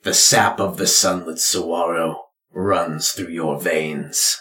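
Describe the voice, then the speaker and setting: A man's voice: low-pitched, fairly even intonation, sharp tone, pitched below the performer's own voice, full character voice. A man doing a solemn lizardfolk father. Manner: slow, weighty pronouncements. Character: solemn lizardfolk clan father, grave and proud. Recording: roomy echo.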